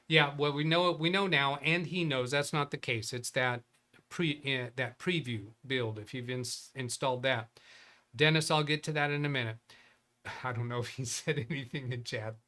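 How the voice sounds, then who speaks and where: A man's voice: medium pitch, steady tone, moderate pace, pushed and bright. A man hosting a live computer-help stream in casual chat, rambling and thinking aloud as he reads viewer emails. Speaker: host of a live Windows help show.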